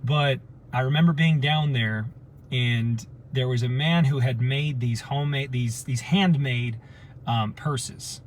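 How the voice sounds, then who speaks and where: A man's voice: medium pitch, measured pace, a little hiss or hum. A man talking casually to his community group, telling stories and acting out the voices of people he quotes. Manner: animated storyteller, acts out quoted voices. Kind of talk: casual storytelling talk.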